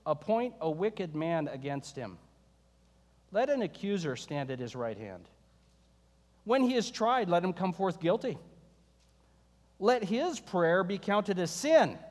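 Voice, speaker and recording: A man preaching a sermon as pastor, conversational and animated, mixing scripture reading with sarcasm and humor. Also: fairly high pitch, long reverb tail.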